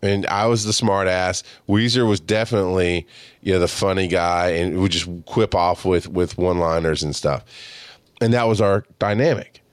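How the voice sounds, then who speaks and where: A man's voice: sits low, normal speed, no echo. A man in his forties telling a casual, profane story about his friends as a podcast host, acting out their lines. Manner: profane, animated, acts out quotes of friends.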